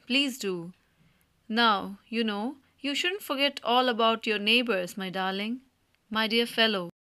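A woman's voice: on the high side, bright, forceful tone, smooth, no echo, clean studio sound. A woman reading the part of a gushing older male landowner who showers his guest with fond names. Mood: effusive. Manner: fawning, heaps on endearments.

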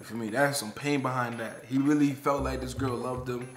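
A man's voice: mid-range voice, fairly even intonation, moderate pace, roomy sound, soft background music. A young man hosting a casual reaction video, talking in loose slang and laughing along. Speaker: reaction channel host. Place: indoors, sit-down video.

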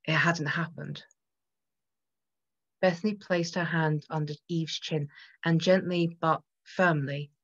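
A woman narrating a gothic horror story in a measured voice that builds tension. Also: low voice, lo-fi sound. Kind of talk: dramatic gothic story reading.

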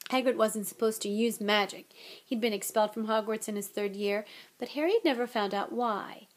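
A woman reading a novel aloud as audiobook narrator, in a steady storytelling manner. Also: on the high side, a little fast.

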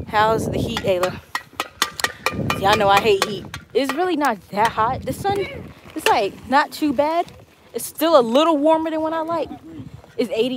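A woman hosting a travel vlog live stream while walking outdoors, chatting casually and reading viewer comments aloud. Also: mid-range voice. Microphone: handheld phone camera. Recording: noisy outdoor phone audio.

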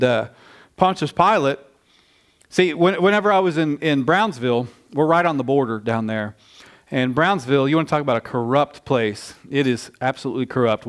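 A male pastor preaching a sermon in a conversational, animated storytelling way, often restarting his phrases. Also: medium pitch.

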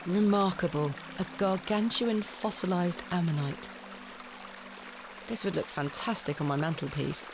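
A woman's voice: lowish voice, a little slow, over music. A prim, inquisitive lady. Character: inquisitive, proper young Victorian lady. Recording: background noise audible.

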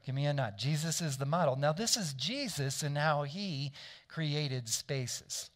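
A pastor preaches a sermon conversationally, often asking the congregation to agree and frequently restarting and correcting himself. His voice is a little high and fairly bright, at a measured pace.

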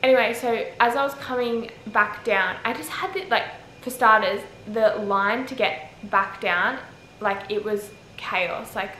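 Young Australian woman, rambling travel vlog chat, bright voice, echoey room with faint background noise. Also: a little high, unhurried. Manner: rambling, heavy use of "like", animated retelling. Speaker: travel vlogger. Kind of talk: casual storytelling to camera.

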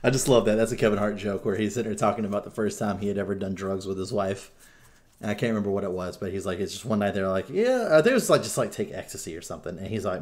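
Young man, podcast host, casual chat, animated storyteller, fairly low voice. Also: racing. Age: young adult. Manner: animated storyteller, swears freely.

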